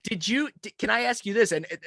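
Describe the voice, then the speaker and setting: A man's voice: sits high, lively intonation, quick pace, creaky, pushed and bright, no room sound. Man host asking rambling questions, dry sound. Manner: stumbling restarts, long rambling questions. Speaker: podcast host. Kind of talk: casual interview conversation.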